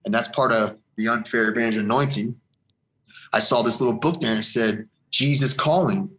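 A man's voice: mid-range voice, normal speed, fairly bright tone, slight background noise. Earnest man telling a rambling story. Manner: earnest, rambling storyteller, repeats phrases for emphasis. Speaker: interview guest. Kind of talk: personal faith testimony in conversation.

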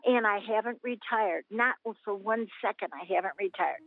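A woman's voice: medium pitch, normal speed, no room sound, phone-quality sound. A woman in her eighties from Missouri, telling her faith testimony as an interview guest in an earnest storytelling way. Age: 80s. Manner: earnest storyteller, acts out quoted voices.

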